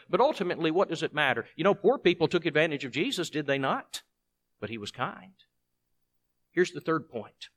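Emphatic higher-voiced preacher. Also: male voice, a bit bright. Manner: emphatic, asks the congregation rhetorical questions. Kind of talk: sermon.

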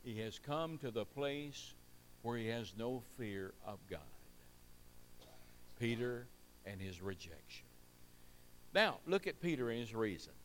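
A man's voice: medium pitch, expressive, unhurried, pauses often, a little hiss or hum. A man preaching a sermon, repeating key phrases for emphasis and asking the congregation rhetorical questions.

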